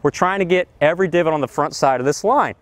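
A man giving an energetic golf lesson on a practice range, talking with excitable enthusiasm and breaking into exclamations. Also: a little high, fast, dry recording. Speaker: golf instructor.

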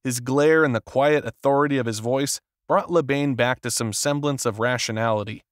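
A man narrating an audiobook in a steady, measured storytelling voice. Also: mid-range voice, no room sound, clean studio sound. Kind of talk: scripted narration.

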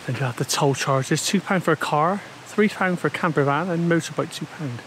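Slightly breathless from the uphill climb, a walking vlogger offers casual commentary to camera along a windy coastal footpath. His voice sits on the high side and is a bit bright, his pace a little fast, and a faint hiss or hum is audible.

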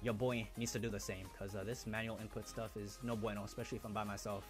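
A young man hosting a live stream, chatting casually and excitedly with viewers in slang as he opens trading cards. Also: fairly low pitch, fast, soft background music.

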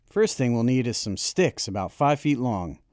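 A man voicing a kindly, proud old grandfather in an audiobook reading, talking in a booming, hearty, encouraging way. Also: expressive, moderate pace, darkish tone, no room sound, clean studio sound, natural voice.

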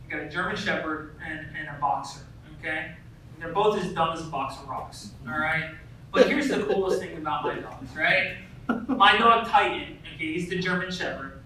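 This man's voice leans high, with a bright, forceful tone at a moderate pace, as he preaches a sermon as pastor. Conversational throughout, he keeps adding "right?" and sharing family stories. The church sanctuary recording is distant and echoey, with faint noise.

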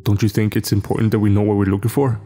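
A man's voice: fairly low pitch, level tone, fast, mellow. A man voicing a blunt male hunter with a thick South African accent, speaking curtly and impatiently. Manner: curt, impatient.

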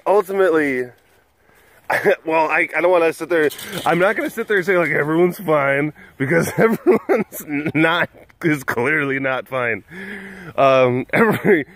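A man's voice: on the high side, animated, measured pace, a bit bright, no room sound. A middle-aged man hosting a casual vlog, talking in a rambling, hesitant way with many fillers. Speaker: big cat sanctuary vlogger.

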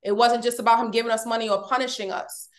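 A woman's voice: on the high side, fairly even intonation, quick pace. A woman guest speaking candidly and emphatically about family and marriage, at times emotional. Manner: heartfelt, emphatic, gets emotional. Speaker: podcast guest. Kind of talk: candid personal storytelling.

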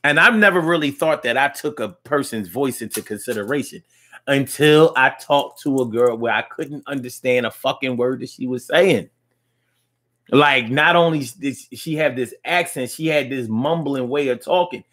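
A man hosting a call-in show, reacting to comments in a loose, slangy, animated way. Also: mid-range voice, normal speed. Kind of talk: casual live show chat reading comments.

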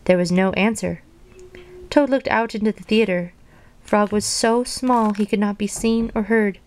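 A woman reading a children's storybook aloud in an even storytelling voice, then chatting casually about it. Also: medium pitch, normal speed, no echo. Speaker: reader and video host.

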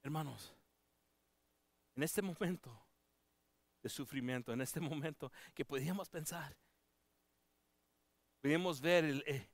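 A man preaching a sermon, moving between loud proclaiming and hushed pleading, with halting restarts. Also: fairly high pitch, no echo. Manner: halting, with many restarts and fillers. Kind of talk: bilingual sermon. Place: church.

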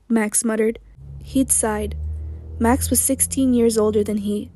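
Hoarse woman reading an audiobook. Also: on the high side, steady tone, unhurried, mellow, no echo. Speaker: audiobook narrator.

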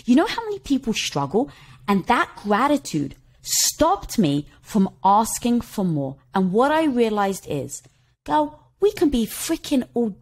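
A middle-aged woman shares her story as a podcast guest. Her delivery is expressive and full of movement in pitch, and she keeps slipping into quoted dialogue with little laughs. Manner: expressive, laughs while telling stories, quotes herself. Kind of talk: animated conversational storytelling.

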